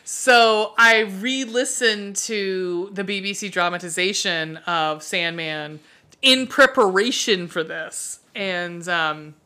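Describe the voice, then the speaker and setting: A woman's voice: mid-range voice, slow, sharp tone. A woman co-hosting a podcast in casual chat, swearing freely and gushing enthusiastically as she rambles. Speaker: podcast co-host.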